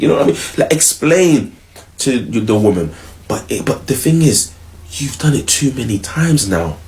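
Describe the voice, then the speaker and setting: Animated man giving street advice. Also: mid-range voice, moderate pace. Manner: animated, slangy, acts out both partners. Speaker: relationship advice vlogger. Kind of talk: casual advice monologue.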